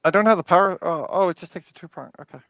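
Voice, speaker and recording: A woman's voice: on the low side, racing, fairly bright tone, no echo, poor audio. A woman hosting a casual livestream, chatting with guests and laughing often. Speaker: host.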